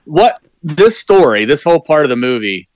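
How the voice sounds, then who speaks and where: A man's voice: fairly high pitch, big pitch swings, moderate pace, no echo. A man co-hosting a podcast, jumping in eagerly to explain a film's story. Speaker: podcast co-host. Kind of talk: casual movie discussion.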